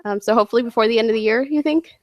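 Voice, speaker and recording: A woman hosting a casual online interview, asking quick, curious questions. Her voice sits a little high and moves briskly. The sound is dry and close, with no room around it. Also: no room sound, lo-fi sound. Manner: curious, encouraging questions with fillers.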